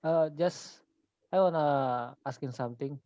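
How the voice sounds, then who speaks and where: A man from Indonesia asking questions in halting, broken English with many fillers in a casual online discussion. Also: on the high side, dark tone, no room sound, highs cut off.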